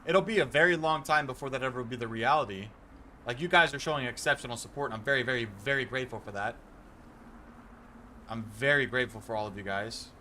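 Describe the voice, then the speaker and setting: A man's voice: mid-range voice, fast, pushed and bright, a little hiss or hum. A young man streaming a game, talking casually and earnestly to his viewers from a home setup, rambling and restarting as he explains. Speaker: gaming streamer.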